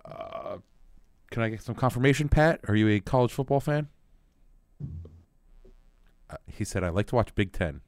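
A man's voice: fairly low pitch, animated, normal speed, pauses often, a little mellow, no echo, studio quality. A man co-hosting a sports talk show, laid-back and laughing along with the host. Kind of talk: casual sports chat.

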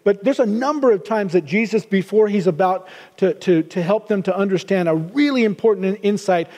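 Middle-aged male pastor, high and mellow, earnest sermon delivery with restarts; long hall reverb. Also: fairly quick. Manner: earnest, repeats words while restarting.

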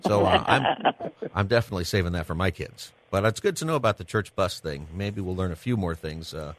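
A man's voice: deep voice, animated, brisk. A man hosting a live radio interview, talking in a conversational, heartfelt way with frequent chuckles. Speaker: radio show host.

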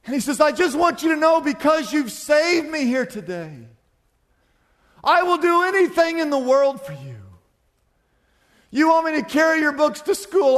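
An eager, grateful man pours out offer after offer to serve the one who saved him, as a preacher voices him. The voice rides high and the sound rings in a long hall echo. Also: a little mellow. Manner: pleading, eager, repetitive offers.

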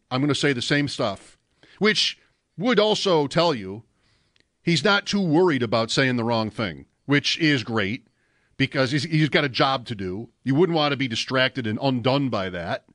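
A man's voice: medium pitch, expressive, moderate pace, a bit bright, dry recording, studio quality. Thoughtful man talking football on radio. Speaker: sports radio talker. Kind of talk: casual sports radio chat.

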